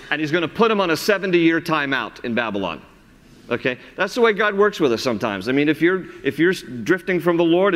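A man's voice: on the high side, fairly bright tone. A male pastor, preaching a sermon in a conversational, earnest way that builds into impassioned emphasis. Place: large church sanctuary. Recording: long hall reverb from sanctuary.

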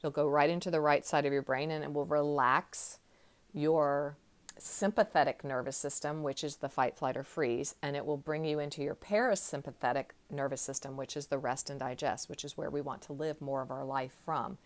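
A woman in her sixties, a counselor, gently guiding a slow relaxation exercise from a chair in her counseling room. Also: low voice, fairly even intonation. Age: 60s. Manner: gentle, unhurried, soothing guidance. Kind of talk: guided relaxation talk.

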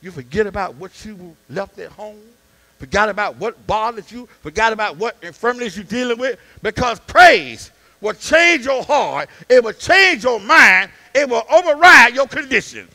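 A man, a deacon preaching a sermon in a call-and-response style, dropping to quiet asides and rising to shouts. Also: sits high, expressive, normal speed, low-quality recording.

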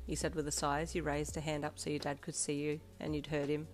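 A woman reading a fanfiction story aloud in the second person, calm and even, as a storyteller. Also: low voice, fast. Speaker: fanfiction reader. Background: soft backing music.

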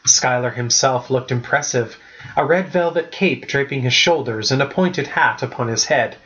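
A man reading a chapter-book story aloud as a first-person narrator, with a steady, even-paced delivery. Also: medium pitch, moderate pace, muffled recording. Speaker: audiobook narrator.

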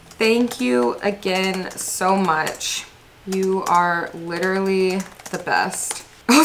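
A young woman hosting a casual gameplay commentary, gushing and excitable and laughing often. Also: on the high side. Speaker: gaming channel host.

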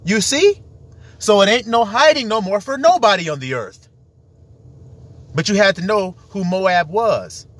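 Husky, emphatic male preacher. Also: sits high, fairly bright tone. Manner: emphatic, rhetorical questions, rambling. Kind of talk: preaching monologue.

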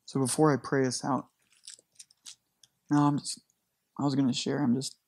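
A man's voice: medium pitch, flat delivery, gravelly, darkish tone. Earnest American man preaching. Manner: earnest, emotional, reads scripture slowly and deliberately. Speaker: pastor. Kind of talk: sermon.

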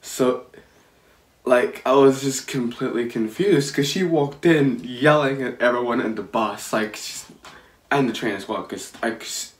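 A man's voice: mid-range voice, unhurried. A young man telling a story casually, rambling and swearing with frequent restarts. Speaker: vlogger. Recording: echoey room.

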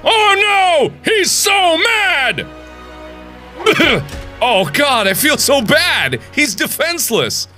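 Excitable man narrating a game. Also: very high voice, very slow, soft background music. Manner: excitable, jokey, swings between yelps and mutters. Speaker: gaming video host. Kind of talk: gameplay commentary.

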